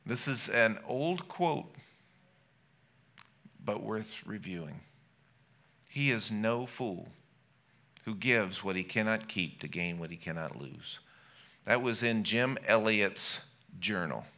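Bright-voiced man preaching a sermon. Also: fairly low pitch, expressive, slow pace, long pauses. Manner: earnest, building to impassioned exclamations. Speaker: pastor.

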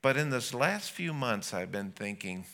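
A man's voice: mid-range voice, very animated, measured pace, sharp tone. A man, a pastor, preaching an earnest sermon that builds to impassioned exclamations.

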